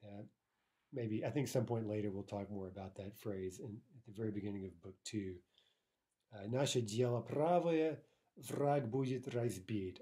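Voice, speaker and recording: A man teaching a casual spoken language lesson. He explains in a relaxed way, often checks in with "right?", and slows down to say example phrases. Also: lowish voice. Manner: slows down to pronounce Russian examples.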